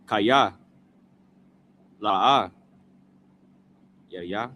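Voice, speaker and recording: A man reading scripture aloud slowly, sounding out each word in pieces and repeating after a prompter. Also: lowish voice, bright, forceful tone, a little hiss or hum. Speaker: scripture reader.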